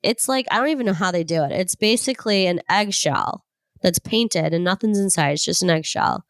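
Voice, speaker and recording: Smooth-voiced woman, laughing chat. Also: fairly low pitch, fairly quick, dry recording, studio quality. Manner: laughs often, plays up frustrations for comic effect. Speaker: podcast co-host. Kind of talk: casual chat.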